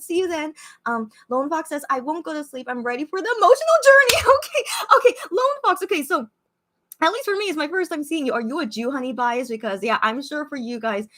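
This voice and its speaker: A young woman hosting a casual livestream, chatting excitedly with viewers and reading out their comments, full of fillers and restarts. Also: sits high. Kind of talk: casual live-stream chat. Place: Korea.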